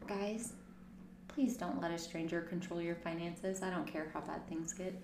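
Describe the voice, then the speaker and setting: A woman co-hosting a casual true-crime podcast, telling the story in an animated way with sarcastic asides. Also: fairly low pitch, moderate pace, heavy background noise. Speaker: podcast co-host. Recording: roomy, distant mic.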